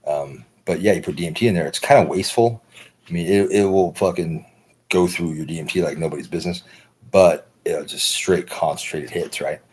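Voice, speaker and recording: A low, husky-voiced American man talks on a livestream in a loose, meandering monologue. He swears freely and keeps tacking "right?" onto his sentences. His deep, slightly raspy tone stays relaxed and conversational. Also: fairly quick. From United States. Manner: loose, profane, repeats "right?". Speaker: livestream host. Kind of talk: rambling casual monologue.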